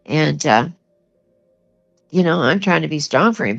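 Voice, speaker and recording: An older woman, appearing as a guest, shares a personal story in a deep, creaky voice that's animated and a touch slow. She's earnest and plainspoken, leaning on "you know" a lot, and the lo-fi recording sounds dull with faint music underneath.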